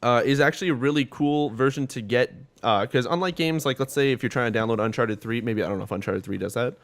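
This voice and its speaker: Fast-talking man rambling about games. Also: mid-range voice. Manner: rambling, full of "like" and quoted asides. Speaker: podcast co-host. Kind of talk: casual gaming chat.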